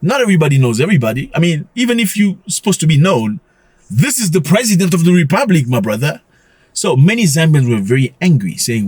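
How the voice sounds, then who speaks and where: A husky male vlogger talks straight into a close mic, and the sound is completely dry. His pitch swings widely as he fires off rhetorical questions. He keeps it casual and chuckles often. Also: very animated, brisk, a little mellow, no room sound. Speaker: commentary channel host. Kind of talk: casual commentary vlog.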